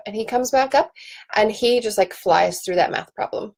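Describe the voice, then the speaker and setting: A woman's voice: medium pitch, normal speed, vocal fry, darkish tone, slightly rough. A woman in her thirties hosting a casual home live stream, chatting in a rambling way with ums and restarts, into a computer webcam. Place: home office.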